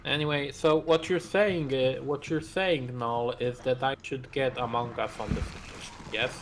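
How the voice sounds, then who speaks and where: A man's voice: mid-range voice, fairly even intonation, unhurried. Ranting, foul-mouthed man. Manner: ranting, profane, opinionated. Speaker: co-host on a gaming stream. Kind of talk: casual gaming chat.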